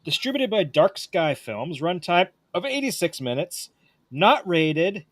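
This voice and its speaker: A man's voice: sits high, very animated, unhurried, no echo. A man co-hosting a horror movie podcast, laid-back, with the hiccups, reading out film credits. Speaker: podcast co-host. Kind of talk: casual podcast chat and reading show notes.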